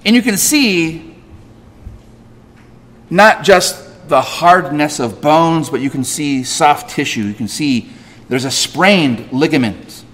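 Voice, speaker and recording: A man's voice: lively intonation, takes it slowly. A man preaching a sermon as pastor, emphatic and full of rhetorical questions, his voice rising and dropping sharply for stress. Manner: emphatic, rhetorical questions, big swings in pitch and loudness. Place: church sanctuary. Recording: long hall reverb.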